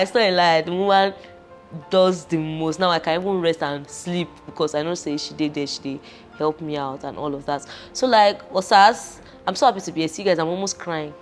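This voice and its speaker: Low-voiced Nigerian woman, animated. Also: fairly quick, soft background music. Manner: animated, switches into Pidgin, emotional. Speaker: guest, fashion entrepreneur. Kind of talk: casual chat.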